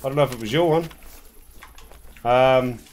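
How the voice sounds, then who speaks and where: As stream host, a man with a New Zealand accent chats, jokes and rambles with his co-player and viewers during casual gameplay commentary. He speaks at a moderate pace in a mid-range voice over a noisy background.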